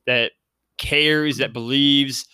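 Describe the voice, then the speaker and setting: Bright, clear-voiced male podcast guest. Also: mid-range voice, steady tone, extremely slow, no echo. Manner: rambling, many "like" fillers. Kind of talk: casual podcast chat.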